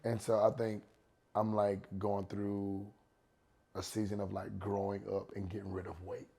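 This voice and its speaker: A man in his forties, a worship leader talking casually on a podcast couch, relaxed and slangy, repeating his advice for emphasis. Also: fairly low pitch, measured pace, creaky. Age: 40s. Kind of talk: casual chat.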